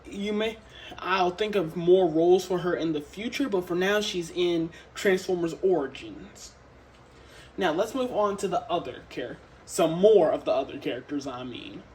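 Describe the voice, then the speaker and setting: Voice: mid-range voice, a little mellow, low-quality recording. A host explaining roles for a casting call in a casual, rambling way, often hesitating and restarting sentences.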